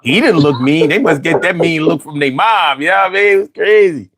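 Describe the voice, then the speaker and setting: A man's voice: on the high side, animated, fairly quick, a bit bright. A man telling stories in a casual chat, repeating words as he goes.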